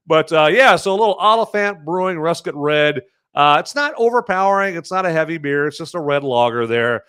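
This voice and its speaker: Guy rambling on his podcast, bright punchy voice, dry close sound, lots of um and you know, loud bits then mumbles. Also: on the high side, moderate pace, gravelly, no room sound. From American Midwest. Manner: rambling, self-correcting, chatty with lots of fillers; animated swings between loud emphasis and muttered asides. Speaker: podcast host reviewing movies and beer. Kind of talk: casual solo commentary.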